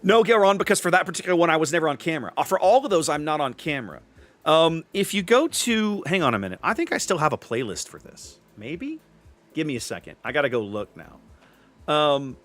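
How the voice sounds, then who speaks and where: A man's voice: a little high, a bit bright. A man streaming a game, chatting casually with his viewers in a rambling, self-interrupting way. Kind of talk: casual gameplay commentary with chat.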